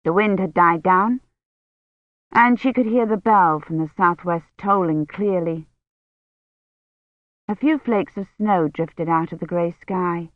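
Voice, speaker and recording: A woman reading a novel aloud as scripted narration, in a measured storytelling manner. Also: fairly low pitch, dry recording. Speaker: audiobook reader. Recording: tinny phone-like dry sound.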